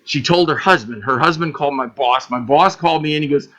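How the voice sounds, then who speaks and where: A man's voice: fairly high pitch, quick pace, muffled recording. A man in casual chat, telling stories bluntly, swearing freely and acting out other people's voices. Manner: animated, acts out voices in his stories, laughs loudly. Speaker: guest.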